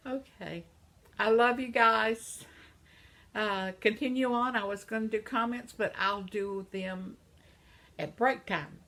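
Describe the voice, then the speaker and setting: An older woman vlogging from home in a casual, reminiscing monologue, speaking softly and sometimes dropping to a whisper. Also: medium pitch, a little slow. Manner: reminiscing, soft-spoken, trails off into whispers; affectionate sign-off to viewers.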